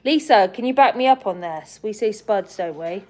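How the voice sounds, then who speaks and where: A woman's voice: medium pitch, expressive, normal speed, darkish tone. A woman from England hosting a casual live stream, chatting and giggling with viewers and her pet bird.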